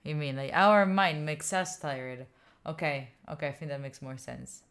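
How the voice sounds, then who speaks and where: A woman's voice: low-pitched, moderate pace, fairly bright tone. A woman in her twenties, a study streamer from Italy, chatting tiredly and rambling as she answers her live chat. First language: Italian. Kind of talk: casual livestream chat.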